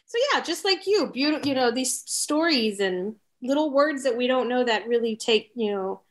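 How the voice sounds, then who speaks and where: Animated woman telling teaching stories. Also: fairly high pitch, moderate pace. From Texas. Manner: animated storyteller acting out quoted voices. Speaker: orchestra conductor and teacher. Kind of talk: casual interview storytelling.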